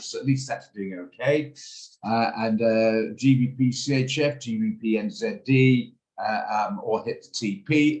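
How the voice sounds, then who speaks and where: In a somewhat low voice, a middle-aged man leads a trading room and talks through his trades in a chatty, rambling style, often starting over. The casual live commentary was recorded on a video call, sounding roomy and poor.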